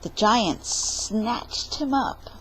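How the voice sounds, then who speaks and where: A woman reading a story aloud at storytime in a playful, expressive way. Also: fairly high pitch, very slow, a little hiss or hum, low-quality recording. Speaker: library storyteller.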